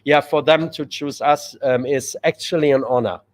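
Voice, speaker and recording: A man's voice: medium pitch, fairly even intonation, normal speed. A man being interviewed as a guest on a podcast, speaking politely with many hesitations and repeated words. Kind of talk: casual chat.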